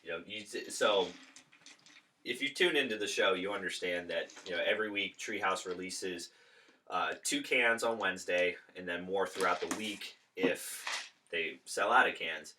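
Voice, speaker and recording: A man's voice: sits low, normal speed, pushed and bright, distant mic, a little hiss or hum. A man co-hosting a podcast, chatting eagerly with many fillers. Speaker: podcast co-host. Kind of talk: casual podcast chat.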